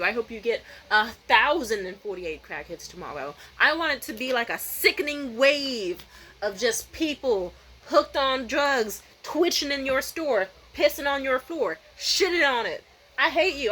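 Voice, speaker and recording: A young woman vlogging at home at night, telling a story in a profane, animated rant and mimicking other people's voices. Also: fairly high pitch, slight background noise, low-quality recording. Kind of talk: casual vlog rant.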